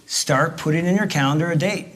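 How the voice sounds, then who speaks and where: A middle-aged man gives a marriage talk at church in a slightly high voice. He speaks directly and emphatically, pressing the men in the audience with pointed questions. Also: a little fast, fairly bright tone. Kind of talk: conversational church teaching.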